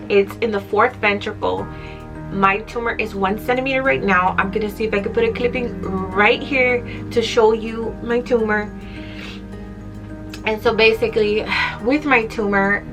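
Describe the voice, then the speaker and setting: A young adult woman telling a personal story in a casual vlog, chatty and emotional at times. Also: on the high side. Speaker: vlogger.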